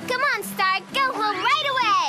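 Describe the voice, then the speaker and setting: A woman's voice: very high voice, moderate pace. A woman voicing a cheerful, curious little girl in a cartoon, with music behind her. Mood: wondering. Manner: bubbly, wondering, excitable.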